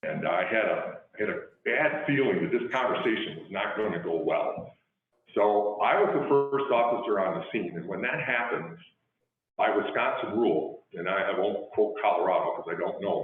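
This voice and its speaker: A man's voice: on the low side, expressive, normal speed. A middle-aged man, a police chief, giving a talk in a conversational storytelling style and acting out the dialogue in his anecdotes. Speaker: guest speaker, police chief. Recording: tinny phone-like line with heavy echo.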